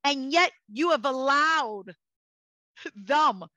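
A woman with a bright, somewhat high voice speaks passionately and forcefully, preaching self-empowerment. Her delivery is insistent and motivational, recorded close and dry with no room sound. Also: expressive, extremely slow, no room sound, rough recording. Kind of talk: casual conversation.

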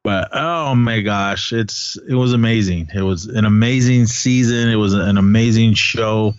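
A man's voice: lowish voice, a little slow, clean tone, dry recording. A man in his forties co-hosting a casual fan chat, enthusiastic and rambling with many fillers. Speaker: podcast co-host. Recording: dull dry sound.

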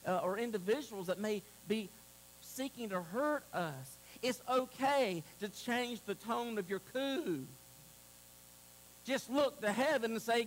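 A man preaching a sermon to a congregation, moving between loud exclamations and a hushed altar call. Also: high-pitched, a little hiss or hum, low-quality recording. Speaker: pastor. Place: church sanctuary.

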